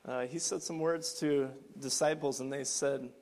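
A man preaching a sermon, earnest and conversational, building to emphatic points and dropping to soft asides. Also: medium pitch, fairly even intonation, measured pace, few pauses. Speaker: pastor.

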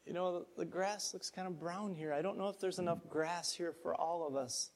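Fretful worried sheep , voiced by a male pastor, a touch high. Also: steady tone, normal speed. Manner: anxious questioning.

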